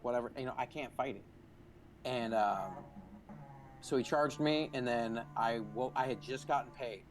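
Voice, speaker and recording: Over a faint hiss or hum, a medium-pitched male gaming host tells a long, swear-filled story as he plays. His chat is casual and rambling.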